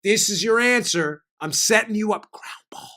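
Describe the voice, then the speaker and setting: Bright, high-voiced fired-up male host. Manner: rapid, sarcastic, jokey and animated; mock questions and quick self-answers. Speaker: political talk show host. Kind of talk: fired-up political commentary.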